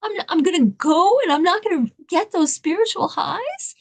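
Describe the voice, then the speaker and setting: Woman doing frightened young woman, high pitched, talking to herself, storybook telling. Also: very animated, fast talker. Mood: anxious. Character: frightened young Jewish woman, torn then proud.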